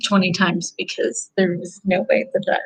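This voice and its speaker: A woman's voice: fairly low pitch, flat delivery, normal speed, fairly bright tone, husky, low-quality recording. A woman from the Midwest chatting casually as a beauty vlogger while she gets ready, rambling and saying "like" often. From American Midwest. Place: home, Kansas City.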